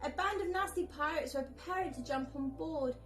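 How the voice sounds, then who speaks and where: A woman from a nursery reading a bedtime story aloud in a lively, expressive way. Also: sits high, brisk, faint music behind. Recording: echoey room.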